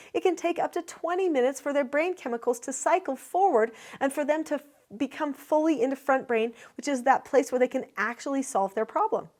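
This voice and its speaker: A middle-aged woman giving a parenting lesson in an earnest, explanatory way. Her voice sits a little high, and she now and then slips into quoted lines from a parent or child. She takes a steady teacher's tone throughout. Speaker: parenting educator. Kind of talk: direct-to-camera parenting lesson.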